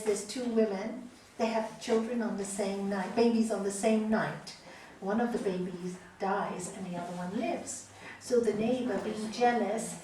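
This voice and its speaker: A woman yoga teacher telling stories to a group in a lively, animated way, in a large room. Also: mid-range voice, a little hiss or hum. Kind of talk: storytelling lecture to a group. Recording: echoey hall from far off.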